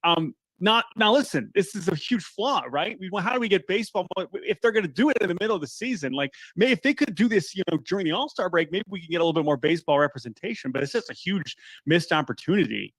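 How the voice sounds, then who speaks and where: A man talking baseball as a guest on a sports radio show, animated and often restarting his words, calling in by phone. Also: sits high, fast talker, hardly any pauses, dry recording. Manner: animated, repeats words when starting thoughts. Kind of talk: casual sports radio chat. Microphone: phone line call-in.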